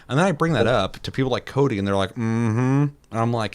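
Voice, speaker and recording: A man's voice: medium pitch, fairly quick. A man co-hosting a casual gaming podcast, telling game stories with lots of swearing and laughter. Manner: animated storytelling, heavy swearing, laughs often. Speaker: podcast co-host.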